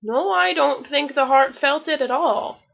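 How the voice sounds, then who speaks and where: Woman reading as kindly bear, gentle, cheerful, high voice, dull lo-fi sound. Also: unhurried, vocal fry. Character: kindly simple male teddy bear.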